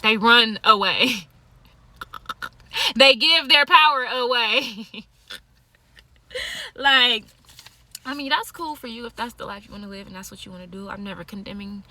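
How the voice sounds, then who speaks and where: Woman vlogger, tarot and yoga type; blunt, profane, laughs a lot; bright, fairly high voice. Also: unhurried, long pauses, no echo. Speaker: tarot card reader and yoga teacher. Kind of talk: casual monologue to camera.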